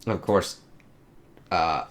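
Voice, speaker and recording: A man's voice: deep voice, very slow. A man giving a casual, rambling comic book review, swearing often and filling gaps with "uh" and "like". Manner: rambling, profane, many fillers.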